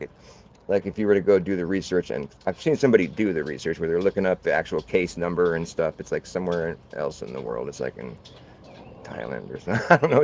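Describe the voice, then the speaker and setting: A man's voice: deep voice, darkish tone, poor audio. A man talking in a loose, rambling monologue, laughing often and swearing casually as he goes. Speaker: channel host.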